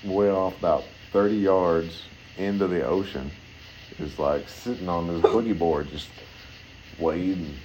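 Man, very low voice, casual storyteller, heavy swearing, rambling, faint background noise. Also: a little slow, a little mellow, rough recording.

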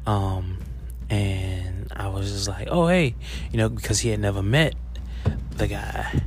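A man's voice: fairly low pitch, little pitch movement, unhurried, background noise. A man, a teacher on his break, telling a personal story in a casual confessional monologue, chatty, full of fillers and laughs, swearing freely. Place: school, on a break.

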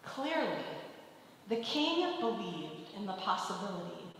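A woman's voice: medium pitch, very animated, unhurried, a bit bright, a little hiss or hum. A woman giving a sermon, retelling a scripture story and acting out the quoted lines with a lifted voice. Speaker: preacher. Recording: distant mic in a long-reverb hall.

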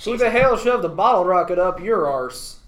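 A man's voice: high-pitched, lively intonation, normal speed, pitched below the performer's own voice. A man voicing a crude, drunk fighter with a put-on Southern US drawl. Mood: gruff.

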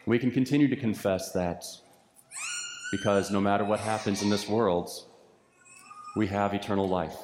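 A pastor preaching a sermon with an earnest, repetitive preaching cadence, heard in a church sanctuary. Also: male voice, on the low side, normal speed, long pauses, a little mellow, slight background noise. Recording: echoey church hall with long reverb.

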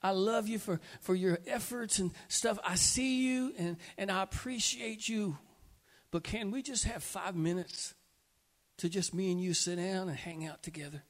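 A man voicing God as a tender, affectionate father who gently asks a believer for time together, in a soft, pleading way. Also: high voice, normal speed. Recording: long hall reverb.

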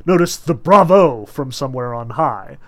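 A man's voice: medium pitch, normal speed. A man teaching a novel in a casual, chatty lecture with many fillers, reading passages aloud and breaking them down. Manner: animated and chatty, with frequent fillers. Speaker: literature teacher.

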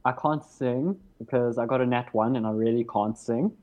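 A woman's voice: very deep voice, normal speed, darkish tone. A woman playing a tabletop game in character, hesitant and dry. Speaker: player. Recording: dull lo-fi audio.

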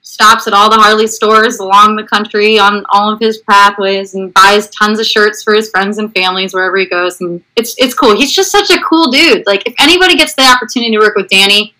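A woman guest telling lively anecdotes in casual conversation, acting out quoted voices. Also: medium pitch, a little fast, few pauses, low-quality recording. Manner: animated storyteller, acts out quotes.

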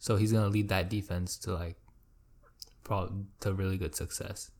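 A young man co-hosting a casual sports podcast, quick to tease and swear. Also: sits low, steady tone, a little mellow. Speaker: podcast co-host.

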